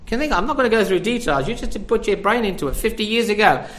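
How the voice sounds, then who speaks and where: A man's voice: sits high, lively intonation, quick pace, a bit bright. An older man preaching a sermon, conversational and full of rhetorical questions.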